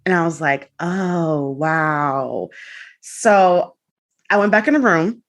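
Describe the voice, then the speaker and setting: Lively woman telling a story. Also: sits low, slow pace. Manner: animated, acts out quotes with laughs and swearing. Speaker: guest. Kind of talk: casual storytelling.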